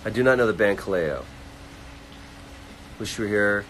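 Man, low voice, casual livestream chat, quick answers to fans, faint hiss. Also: a bit bright, poor audio. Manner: reads fan comments aloud and answers quickly. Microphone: phone livestream.

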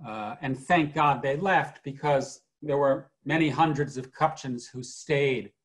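A man from Wisconsin giving earnest, personal closing remarks as a panelist, often restarting his phrases. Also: mid-range voice. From Wisconsin, USA.

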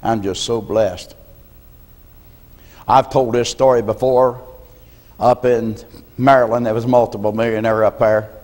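A man's voice: mid-range voice, fairly even intonation, a little slow, long pauses, darkish tone. Folksy preacher man in a reverberant hall. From United States. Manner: folksy storytelling, clears throat often. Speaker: pastor. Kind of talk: sermon.

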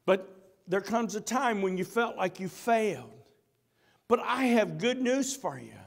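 A man preaching a sermon in a church in a folksy, conversational way. He moves between loud, emphatic bursts and soft, slow stretches. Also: high-pitched, expressive, gravelly. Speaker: pastor. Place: church sanctuary.

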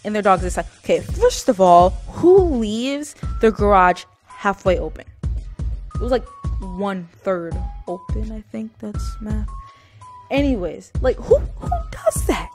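A woman's voice: mid-range voice, animated, measured pace, a little mellow, faint music behind. A young woman vlogger telling a casual story, rambling with lots of fillers and self-mocking asides.

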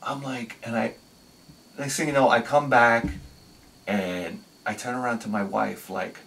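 A man telling a personal story on his video channel, excitable, swinging between loud bursts and quiet asides. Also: mid-range voice, a little slow, gravelly, distant mic. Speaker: video host.

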